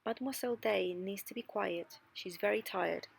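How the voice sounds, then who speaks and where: A woman voicing a hurried, firm male doctor in a storybook reading. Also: mid-range voice, creaky, slightly rough, low-quality recording.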